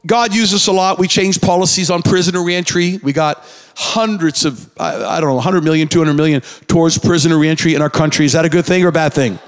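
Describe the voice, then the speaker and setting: A high-voiced male pastor preaches in a church sanctuary, his words trailing into a long hall reverb. He leads the congregation in call-and-response and climbs to emphatic high peaks. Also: quick pace. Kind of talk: sermon.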